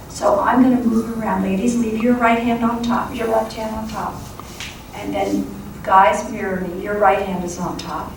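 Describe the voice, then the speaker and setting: A middle-aged woman teaching qigong to a group, calmly guiding each movement with playful asides. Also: medium pitch, creaky, far from the mic. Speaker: qigong instructor. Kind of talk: guided exercise instruction. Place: large echoey meeting room. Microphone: lapel mic. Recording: echoey room audio with noise.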